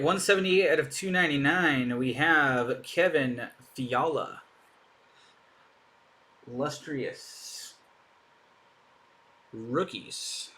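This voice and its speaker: A man's voice: mid-range voice, bright, forceful tone. A man hosting a live card break, chatting in an upbeat way as he opens packs and thinks aloud. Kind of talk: casual live commentary while opening packs.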